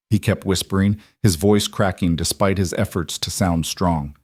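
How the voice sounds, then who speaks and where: Male narrator, low and dry, measured emotive storytelling. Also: steady tone, a little mellow, no echo. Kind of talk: scripted dramatic narration.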